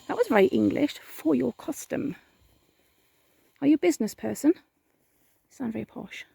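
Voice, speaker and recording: Gravelly whispering woman in a cemetery. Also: on the high side, lively intonation, a little fast, warm tone, no echo. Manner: whispering, calling out to spirits. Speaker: vlogger on a ghost hunt. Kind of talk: hushed vlog narration. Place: outdoor cemetery at night.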